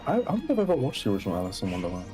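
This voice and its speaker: A man's voice: on the low side, wildly swooping pitch, rapid-fire, dark tone. A man chatting casually on a game stream, rambling and restarting his sentences. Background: music.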